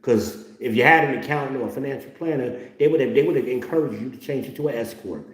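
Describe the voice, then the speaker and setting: A man's voice: mid-range voice, fast talker, echoey room. A middle-aged man hosting a blunt, profane, mocking rant. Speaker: host. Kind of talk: ranting commentary.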